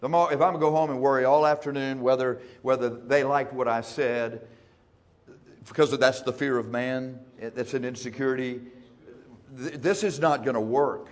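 A male pastor preaching in a church, folksy and emphatic, speeding up and slowing down for effect. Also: medium pitch, steady tone. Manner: folksy, emphatic, shifting between fast and slow. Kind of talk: sermon.

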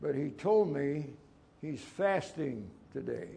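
Gravelly folksy preacher, a man. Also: a little high, expressive, slow, mellow. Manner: folksy, conversational, emphatic, storytelling. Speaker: pastor. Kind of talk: sermon with personal anecdotes.

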